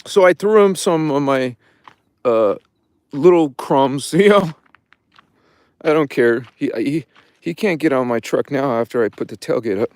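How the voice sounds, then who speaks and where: A middle-aged man, hosting a spiritual livestream from his phone. He swings between mumbled casual chatter and fervent shouted invocations. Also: medium pitch, unhurried, pauses often, no echo, clean studio sound. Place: by his truck in a cold underground space at night.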